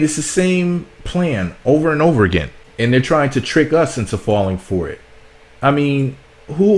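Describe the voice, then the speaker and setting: Blunt, sarcastic American man ranting. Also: medium pitch. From United States. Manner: blunt, sarcastic, repeats himself. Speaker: commentary vlogger. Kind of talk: ranting political commentary.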